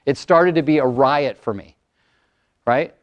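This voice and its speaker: A man in his sixties, a motivational speaker and coach, telling stories and acting out voices in a lively workshop talk to an audience. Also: medium pitch, a little slow, dull audio. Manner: animated storyteller, acts out client voices.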